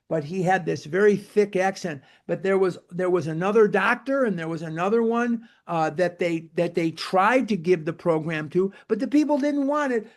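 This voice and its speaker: A man's voice: sits high, vocal fry. A man speaking to a recovery-program book study group in an emphatic, repetitive lecture style. He sometimes spells words out letter by letter.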